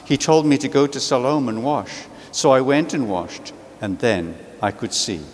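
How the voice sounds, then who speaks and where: An Australian man reading a scripture passage aloud in church, slow and deliberate. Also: mid-range voice, in a large hall. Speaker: scripture reader.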